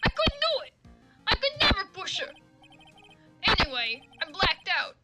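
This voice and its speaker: A woman voicing a grieving, excitable male convict who shouts in short broken sentences. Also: extremely high pitch, unhurried, loud music behind the voice, pitched above the performer's own voice, exaggerated voice. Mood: distraught shouting. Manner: shouting, broken sentences, attempted tough-guy accent.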